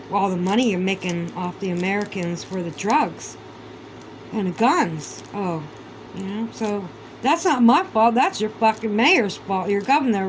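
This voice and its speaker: A woman's voice: medium pitch, a little mellow, a little hiss or hum, low-quality recording. Profane, ranting woman vlogger. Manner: sarcastic, incredulous. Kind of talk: casual ranting monologue.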